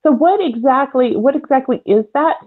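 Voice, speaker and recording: A woman's voice: sits high, moderate pace. Woman co-host, inquisitive and rambling, tinny phone sound. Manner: curious, rambling questions. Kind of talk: casual live-stream chat.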